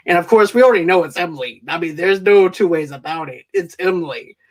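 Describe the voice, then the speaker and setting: A man's voice: a little high, a little fast. Enthusiastic man recapping a film. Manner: rambling, enthusiastic plot recap with frequent fillers. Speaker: movie reviewer co-host. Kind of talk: casual podcast film review.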